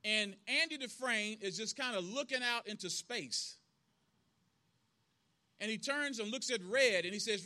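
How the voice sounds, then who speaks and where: Bright, high-voiced preacher. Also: male voice. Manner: earnest, rhythmic repetition, quick bursts. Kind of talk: storytelling sermon. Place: outdoor church service.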